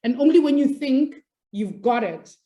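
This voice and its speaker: Upbeat woman teacher with a mellow voice. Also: high-pitched, animated, moderate pace. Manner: upbeat, apologetic, laughs easily. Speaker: maths teacher. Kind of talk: live online class.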